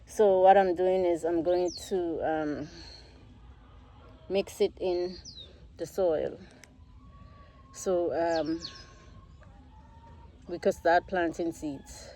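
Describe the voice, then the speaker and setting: A woman's voice: fairly low pitch, fairly even intonation, drawn-out words, pauses often, mellow, slight background noise. An American woman chatting casually to her viewers while gardening outdoors, out of breath from digging in the heat. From United States. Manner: chatty, rambling, addresses viewers as guys. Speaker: vlogger. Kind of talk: casual farm vlog. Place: outdoors on a farm.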